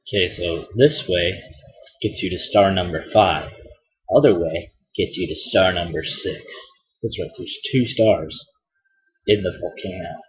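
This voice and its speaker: A man's voice: deep voice, unhurried. A young man from Illinois giving rambling, casual commentary as he plays a video game, swearing and groaning at his mistakes. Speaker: let's play host. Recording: dull lo-fi mic.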